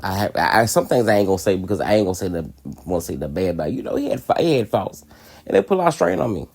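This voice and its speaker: Candid, profane man with a low voice. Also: sing-song, very fast, gravelly, a little mellow, slightly rough. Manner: candid and profane, laughing often. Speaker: podcast host. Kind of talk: casual personal storytelling.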